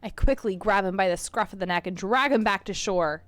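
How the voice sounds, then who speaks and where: A woman streamer reading a first-person story game aloud with expressive storytelling. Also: medium pitch, a little fast, dry recording.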